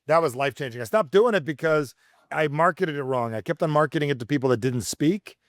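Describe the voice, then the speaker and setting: A man's voice: on the high side, lively intonation, fast, no room sound, clean studio sound. A man, a communication coach, telling stories energetically as a podcast guest and acting out the voices he quotes. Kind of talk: podcast interview.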